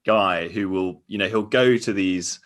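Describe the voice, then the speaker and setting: A young British man co-hosting a comedy podcast, chatting casually in an animated, wordy way. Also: low-pitched, unhurried. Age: young adult. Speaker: podcast co-host.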